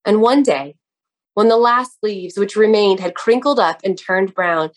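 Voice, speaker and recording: A woman reading a story aloud in a measured, expressive way, with an occasional stumble over a word. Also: mid-range voice. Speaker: narrator. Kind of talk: audiobook narration.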